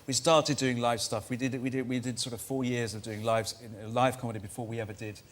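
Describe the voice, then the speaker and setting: A man's voice: mid-range voice, fairly even intonation, fast. A man, a comedian guest on a chat show, talking chattily and hesitantly, laughing things off. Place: TV studio.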